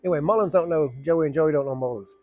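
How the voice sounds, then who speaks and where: Colloquial male storyteller, meandering and profane, slightly high voice. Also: quick pace, highs cut off. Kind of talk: casual anecdote telling.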